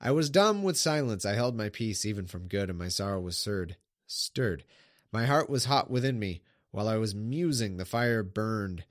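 A man with a fairly low voice reads scripture aloud in a relaxed, casual way. He keeps breaking off to make irreverent, sarcastic comments. The recording is dry and close to the microphone. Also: normal speed, dry recording. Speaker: Bible reader.

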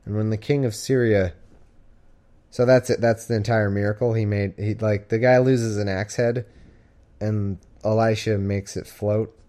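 A man's voice: lowish voice, steady tone, moderate pace, dark tone. A man hosting a live stream, reading scripture aloud and breaking off into wry, sarcastic, rambling asides. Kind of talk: casual scripture reading with commentary.

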